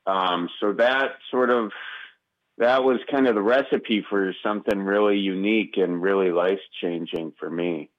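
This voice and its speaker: Low-voiced Wisconsin-accented man, lo-fi. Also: steady tone, normal speed. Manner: easygoing, rambling, many fillers. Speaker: comedian guest. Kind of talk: casual interview.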